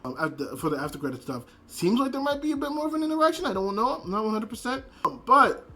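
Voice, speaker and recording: A man's voice: very high voice, big pitch swings, fast talker, bright, forceful tone, a little hiss or hum. A man giving a casual, rambling anime episode review, swearing and laughing as he retells scenes.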